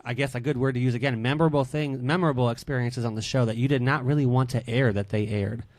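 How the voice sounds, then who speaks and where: A man hosting a casual radio interview, expressive and emotional, talking openly with his guests. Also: medium pitch, fast, dry recording. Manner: expressive, emotional, animated when excited. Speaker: host.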